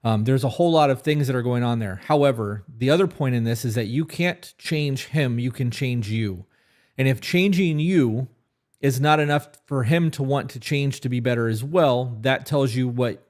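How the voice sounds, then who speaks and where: A man's voice: medium pitch, moderate pace, a little mellow. A man co-hosting a live advice podcast, talking candidly and at length, with casual swearing. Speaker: podcast co-host.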